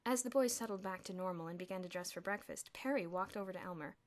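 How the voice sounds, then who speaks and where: A woman's voice: lowish voice, fast talker. A woman narrating a children's novel as an audiobook, telling the story expressively. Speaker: audiobook reader.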